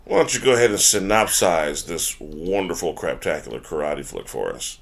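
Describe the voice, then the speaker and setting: A man hosting a casual podcast chat, loud and jokey, cursing often. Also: deep voice, sing-song, normal speed, gravelly, music in the background. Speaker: podcast host.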